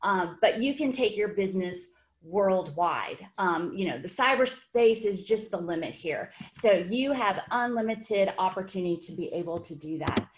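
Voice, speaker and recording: A woman's voice: mid-range voice, expressive, moderate pace. A woman hosting a webinar for fitness trainers, with an upbeat, encouraging, conversational manner. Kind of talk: webinar presentation.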